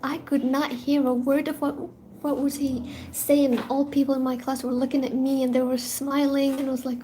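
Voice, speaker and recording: High-voiced young woman, rambling storytime. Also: moderate pace, slight background noise. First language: not English. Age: young adult. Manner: rambling, animated, dips into whispers. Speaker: university student vlogger. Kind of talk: casual storytime chat.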